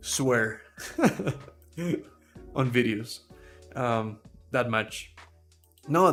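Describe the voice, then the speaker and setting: Young male streamer, rambling and laughing, faint music underneath. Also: medium pitch. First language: Spanish. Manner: rambling, laughs at his own tongue-twister slips. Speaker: livestream host. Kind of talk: casual live-stream chat.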